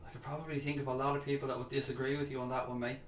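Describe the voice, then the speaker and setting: A man's voice: medium pitch, level tone, very fast, roomy sound, a little hiss or hum. A man hosting a casual fan chat livestream, reading out viewer comments and chatting back to them, calling people mate.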